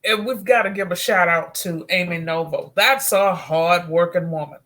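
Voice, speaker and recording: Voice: medium pitch, moderate pace, bright, forceful tone. A radio show host chatting casually, laughing along and giving short affirming replies. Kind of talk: casual chat.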